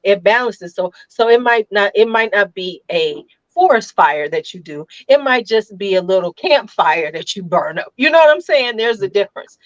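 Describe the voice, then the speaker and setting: A woman's voice: medium pitch, lively intonation, moderate pace, few pauses, no echo, lo-fi sound. A woman hosting a casual chat, blunt and joking, who swears freely. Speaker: host.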